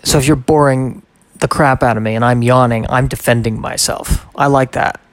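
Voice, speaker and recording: Gravelly man rambling on a solo podcast. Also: mid-range voice, steady tone, normal speed, no echo. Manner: rambling, reads aloud and digresses with wry asides. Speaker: podcast host. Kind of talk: solo casual podcast monologue.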